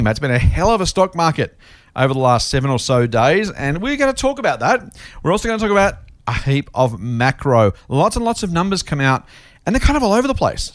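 An Australian man hosting a casual finance podcast, animated and rambling, laughing between points. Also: fairly high pitch, no room sound. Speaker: podcast host.

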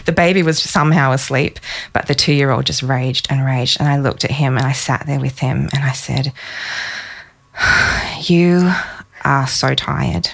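A woman in her thirties, a psychologist guest on a podcast, telling a personal story warmly and with emotion. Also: very deep voice, steady tone, moderate pace, vocal fry, long pauses. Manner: warm storytelling, emotional in places.

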